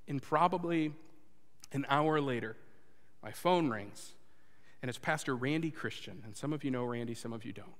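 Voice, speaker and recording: A man preaching a sermon and telling a personal story, earnest, moving between loud urging and hushed confession. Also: mid-range voice, normal speed. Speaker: pastor. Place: church sanctuary before a congregation. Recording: long hall reverb.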